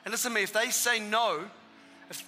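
A man's voice: high voice, a little fast, pushed and bright, big-room sound, slight background noise. A man preaching an altar call in a church, exhorting people with repeated calls, recorded live at a service. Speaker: pastor. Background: worship music and congregation.

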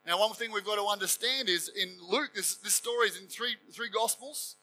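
A man preaching with a high, bright, forceful voice. He tells the story with emphasis and slips into the voices of the people he quotes. Soft music plays faintly behind him. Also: normal speed, poor audio. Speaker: pastor. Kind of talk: sermon.

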